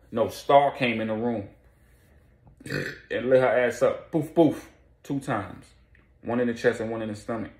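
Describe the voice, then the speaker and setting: A man's voice: fairly low pitch, reverberant. A man telling a story casually, with slang, profanity and repetition.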